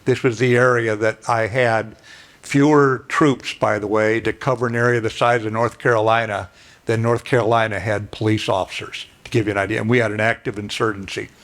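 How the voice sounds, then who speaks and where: An older man giving a plainspoken, folksy storytelling speech as guest speaker, clearing his throat now and then. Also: lowish voice, flat delivery, a little fast, fairly bright tone. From United States.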